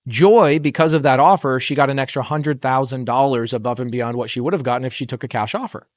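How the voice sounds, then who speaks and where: A middle-aged man speaking from a stage at a real estate summit, an animated storyteller who acts out the dialogue in his tales and keeps quizzing the crowd. His voice sits at an ordinary male pitch, and the recording is dry and close, with little room sound. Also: fast talker, no echo. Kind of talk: motivational stage talk with told stories.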